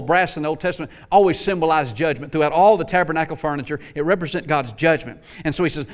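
A man's voice: on the high side, quick pace, few pauses. A man preaching a sermon to his congregation, emphatic and folksy, repeating lines for effect. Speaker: pastor.

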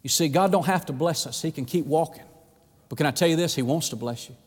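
A man's voice: a little high, fast, husky. A man preaching a sermon, acting out scripture quotes with dramatic swings and folksy phrasing, calling his listeners friend. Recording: long reverb in a large hall.

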